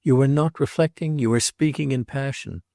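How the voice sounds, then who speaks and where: A man reads as an earnest friend and patron in a read novel, pressing his point with grave, steady urgency. His voice sits a little higher than the narration but keeps a mellow, warm color. The recording is close and dry. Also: normal speed, no echo, lightly acted. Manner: earnest, urging.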